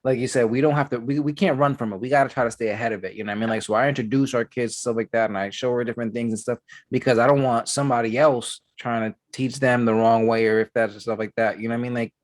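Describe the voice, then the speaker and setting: A man's voice: mid-range voice, fairly even intonation, dry recording. A man hosting a casual chat, talking loosely with lots of fillers. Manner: fast, loose talk with many fillers. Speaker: podcast host. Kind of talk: casual conversation.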